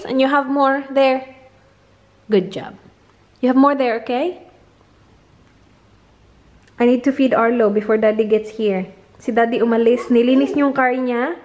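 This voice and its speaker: A woman's voice: sits high, darkish tone, dull audio. A woman in her thirties with a Filipino accent, vlogging casually with her small children at home and in the car, slipping into sing-song baby talk. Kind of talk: casual family vlog, mixing Tagalog and English.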